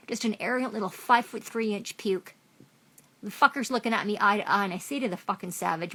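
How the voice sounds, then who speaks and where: A woman's voice: mid-range voice, a bit bright. Angry lady ranting at the cam, swearing nonstop, keeps repeating herself. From Canada. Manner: furious, profane, accusatory, repetitive. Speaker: vlogger. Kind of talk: angry rant to camera.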